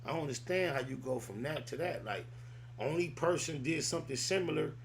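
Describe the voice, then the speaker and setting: A man's voice: on the high side, expressive, brisk, gravelly, a little hiss or hum. A man hosting a podcast, telling stories casually in loose street slang. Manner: loose, rambling storytelling full of street slang. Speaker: podcast host. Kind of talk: casual chat.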